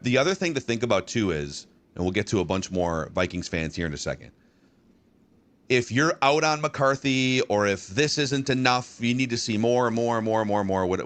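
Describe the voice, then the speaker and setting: A man hosting a sports podcast, thinking out loud in a measured way with frequent restarts. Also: lowish voice. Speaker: podcast host. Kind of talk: sports talk analysis.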